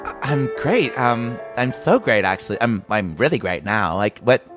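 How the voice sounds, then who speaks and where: Man putting on a ditzy young woman, gushing, crude, swooping lively voice, faint music behind. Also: mid-range voice, moderate pace, close to an everyday voice. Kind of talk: improvised comedy sketch.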